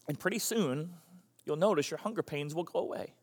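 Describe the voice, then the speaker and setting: A man preaching a sermon as a pastor, animated and emphatic, repeating phrases for effect. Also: fairly high pitch, a little fast, breathy edge, long reverb tail.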